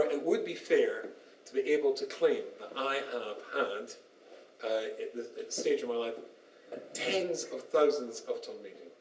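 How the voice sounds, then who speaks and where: A man's voice: medium pitch, darkish tone, slight background noise. Man, rabbi, public lecture, wry self-deprecating storytelling, distant mic, echoey hall. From northwest England. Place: synagogue hall. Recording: roomy echo, voice from afar.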